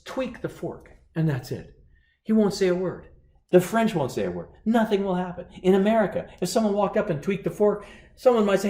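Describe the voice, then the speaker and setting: A man giving a business lecture, animated and acting out anecdotes as he teaches. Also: a little high, echoey room. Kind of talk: lecture with storytelling.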